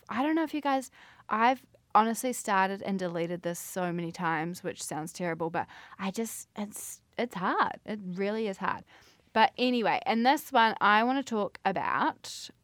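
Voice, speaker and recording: A woman's voice: mid-range voice, sing-song, moderate pace, dry recording. A woman in her late twenties hosting a solo podcast, rambling and self-deprecating, swearing now and then. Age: 20s. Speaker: podcast host.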